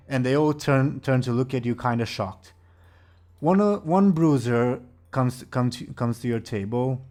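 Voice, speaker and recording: A man's voice: mid-range voice, a little mellow. A man narrating a tabletop game as game master, casual and laughing often.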